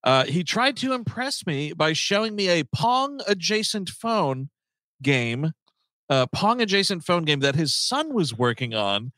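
A man in a casual comedy podcast reads a listener's story aloud, stumbling through fillers. His voice sits a little high, with a bright edge and a lot of swing in pitch. The sound is dry and close. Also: very animated, a little slow, no echo.

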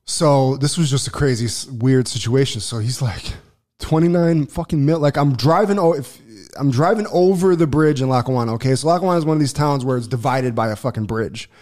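A man telling a long personal story on a casual podcast, swearing freely, restarting sentences and getting loud when excited. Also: medium pitch, fairly quick. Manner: profane, rambling, lots of restarts and fillers; gets loud and excited when reliving events. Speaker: podcast co-host.

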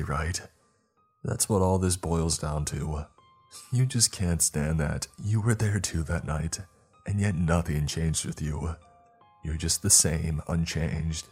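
A man's voice: very deep voice, darkish tone, husky, exaggerated voice. A man voicing a frail young male captive who pleads and then taunts his captor, with a raised, strained voice. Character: broken, desperate young man prisoner.

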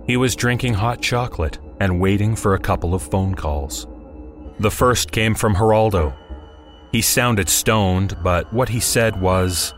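A man's voice: fairly low pitch, normal speed, faint music behind. A man narrating a horror story in a dry, wry storytelling manner.

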